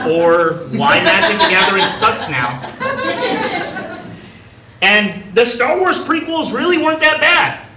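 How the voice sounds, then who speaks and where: A man's voice: high-pitched, lively intonation, takes it slowly, long pauses, recorded from a distance, crowd noise. A young man performing a stand-up comedy set on a club stage, talking in a casual, rambling, self-mocking way. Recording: echoey club room from afar, audience noise. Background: audience laughter.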